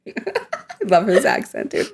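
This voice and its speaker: A woman co-hosting a casual podcast chat. Her voice sits in a middle pitch. She is blunt, swears freely and laughs often. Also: wildly swooping pitch, slow, vocal fry, darkish tone. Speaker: podcast co-host.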